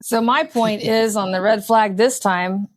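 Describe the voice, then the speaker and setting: A woman co-hosting a casual recap chat, agreeable and quick with short affirmations. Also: mid-range voice, steady tone. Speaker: co-host of a TV drama recap show.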